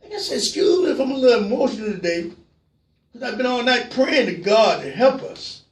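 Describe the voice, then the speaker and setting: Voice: very animated, brisk, far from the mic. Passionate talk host in a roomy space. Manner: passionate, repeats phrases, swings from low murmurs to shouts. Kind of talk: call-in talk show monologue. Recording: roomy sound, voice from away from the mic.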